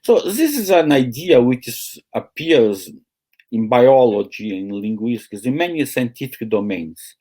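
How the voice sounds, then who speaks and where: Slow, halting male lecturer. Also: mid-range voice, big pitch swings, dark tone. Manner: slow, halting, with many pauses and fillers. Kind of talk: academic lecture. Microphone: video call.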